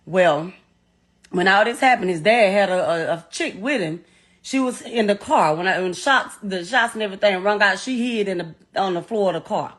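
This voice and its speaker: At a moderate pace, a middle-aged Southern US woman speaks in a mid-range, fairly bright tone. As the grieving mother of the deceased being interviewed, she delivers a raw, profane, distressed personal account.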